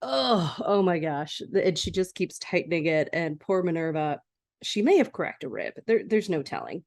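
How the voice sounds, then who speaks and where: Lady podcaster gushing over an old movie, lowish voice, lots of oh my gosh energy. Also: moderate pace. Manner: chatty, excitable, laughing asides. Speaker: podcast host. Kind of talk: casual movie rewatch recap.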